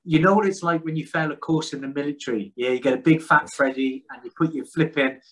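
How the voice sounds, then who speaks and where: A man's voice: a little high, fast, a bit bright, slightly rough, low-quality recording. A man, talking frankly and at length as a podcast guest, rambling and self-deprecating. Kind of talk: casual conversation.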